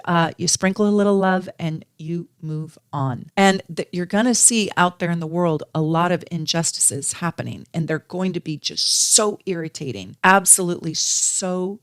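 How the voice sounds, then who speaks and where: Middle-aged woman astrologer, slightly low voice; earnest, animated advice with repeated phrases. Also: clean tone. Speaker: astrologer and tarot reader. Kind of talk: casual spiritual advice to viewers.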